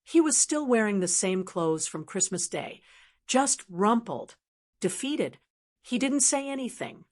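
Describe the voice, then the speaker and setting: An older woman narrating a family story in a calm, measured voice. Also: medium pitch.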